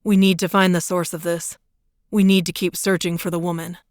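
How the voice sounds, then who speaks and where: A woman narrator voicing a protective young man in an audiobook, firm and soothing in her own lower voice. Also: flat delivery, brisk, no echo, clean studio sound, lightly acted. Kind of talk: audiobook character reading.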